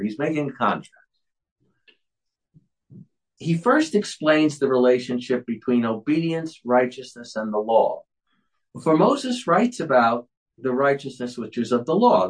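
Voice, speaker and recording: Animated man preaching from a commentary. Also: medium pitch, low-quality recording. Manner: animated, repeats words when starting sentences. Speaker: pastor. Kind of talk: sermon reading from a commentary.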